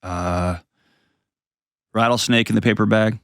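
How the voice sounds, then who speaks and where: A man's voice: lowish voice, fairly even intonation, unhurried, vocal fry, clear, resonant tone, no echo, clean studio sound. A man hosting a call-in advice show, talking bluntly and earnestly to a caller and telling stories.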